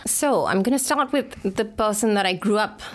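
A woman from India, a guest on a cricket podcast, talking in a measured, fond way about commentators she grew up with. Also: mid-range voice. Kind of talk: casual podcast chat.

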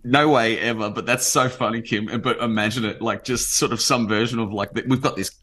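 An Australian man in his forties, talking in an animated, rambling way with many fillers as a guest in a casual interview. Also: medium pitch, fairly quick. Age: 40s. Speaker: novelist guest.

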